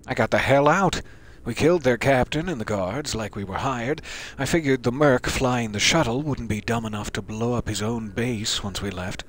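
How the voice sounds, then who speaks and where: Guy doing a cocky gruff merc boss, bragging. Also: medium pitch, moderate pace, slight background noise, close to an everyday voice. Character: cocky, gruff male mercenary boss telling war stories.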